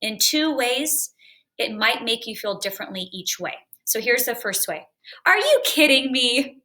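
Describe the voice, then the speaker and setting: A woman school counselor, speaking in a gentle, clear teaching voice in a lesson video for students. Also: a little high, lively intonation, normal speed.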